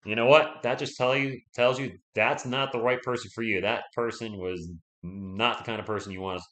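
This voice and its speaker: Excitable man calling a game in an echoey room. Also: medium pitch, normal speed. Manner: chatty, excitable, talks straight to viewers. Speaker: live stream play-by-play host. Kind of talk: casual play-by-play commentary reacting to chat.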